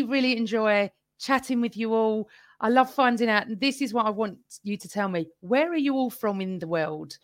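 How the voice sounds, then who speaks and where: A woman with a mid-range voice hosts a live fan podcast by herself, chatting casually with viewers and reading their comments aloud. The recording is studio quality with no echo.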